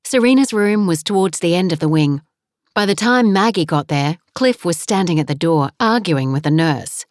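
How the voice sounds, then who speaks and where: Woman narrator, measured and steady, slightly low voice, close dry sound. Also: no room sound. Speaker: audiobook narrator. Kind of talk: scripted narration.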